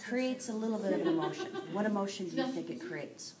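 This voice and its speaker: A woman's voice: medium pitch, expressive, quick pace, a loud crowd. A woman teacher giving a recorded lesson, explaining step by step and speaking straight to her students.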